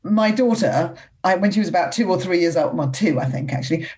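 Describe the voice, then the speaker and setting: A woman's voice: fairly low pitch, lively intonation, a little fast. A middle-aged woman, hosting a casual chat and laughing often as she talks. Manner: giggly, warm and chatty.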